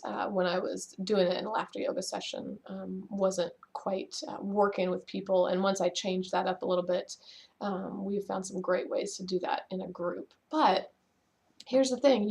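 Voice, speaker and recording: A woman's voice: mid-range voice, vocal fry, darkish tone. Chatty, playful woman teaching laughter yoga. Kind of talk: casual instructional video. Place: at home, just woken up.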